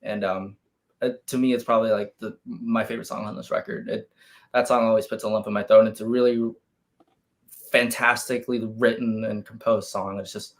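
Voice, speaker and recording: A man's voice: fairly low pitch, level tone, brisk. Laid-back musician guest, a man, swearing casually. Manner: laid-back, swears for emphasis, with many fillers. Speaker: band member guest. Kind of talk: casual interview chat.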